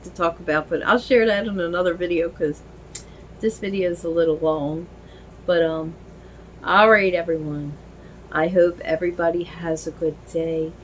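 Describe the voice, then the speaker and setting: A middle-aged woman with a somewhat low voice talks in a loose, rambling way, full of "you know" and "like" and restarting her sentences. She sounds relaxed and homey, with a faint hiss of noise behind her. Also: rough recording. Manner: rambling, chatty, many fillers and restarts. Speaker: vlogger. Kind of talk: casual chat while dressing a doll.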